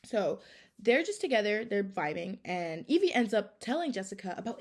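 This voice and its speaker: A woman's voice: mid-range voice, very animated, normal speed. A woman telling a story in a casual, chatty way, with heavy use of "like" and "okay?".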